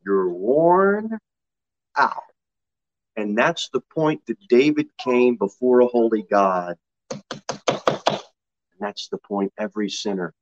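Pastor preaching a sermon. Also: male voice. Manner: preaches with sudden loud high-pitched mock quotes. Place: church sanctuary. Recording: slightly dull lo-fi sermon recording.

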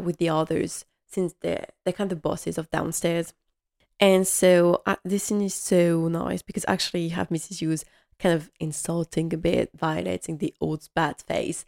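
A woman's voice: fairly low pitch, gravelly, a little mellow. A woman host chatting casually and enthusiastically through a TV episode recap, rambling with many fillers. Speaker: podcast host.

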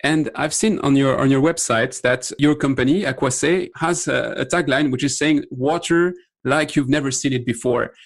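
A man's voice: mid-range voice, normal speed, hardly any pauses. A man with a French accent hosting a podcast, introducing and interviewing a guest in a friendly way. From France. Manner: friendly, slight repetitions. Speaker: podcast host.

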